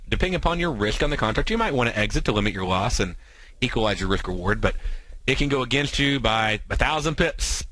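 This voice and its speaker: An American man hosting a trading show, explaining strategies in quick, filler-heavy talk. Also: mid-range voice, sharp tone, low-quality recording. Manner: talks fast, many fillers and asides.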